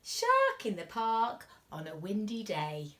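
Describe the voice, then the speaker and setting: A woman teacher reading a picture book aloud to young children, animated and expressive, dropping to whispers at tense moments. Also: mid-range voice, slow pace. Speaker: reception class teacher.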